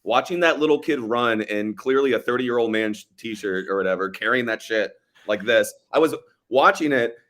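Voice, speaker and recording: A man co-hosting a casual movie podcast, animated and profane, often acting out scenes as he talks. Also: mid-range voice. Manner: fast, animated, profane, acts out film scenes. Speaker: podcast co-host. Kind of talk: casual movie review chat.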